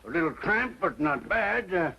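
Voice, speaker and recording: A rowdy old western grandpa. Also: male voice, high-pitched, sing-song, moderate pace, gravelly, bright, forceful tone, husky, heavily acted. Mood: folksy. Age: older. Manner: folksy drawl, bellowing, cackling laughs. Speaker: boisterous grandfather visiting family. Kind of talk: 1940s film acting. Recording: muffled old film soundtrack with hiss.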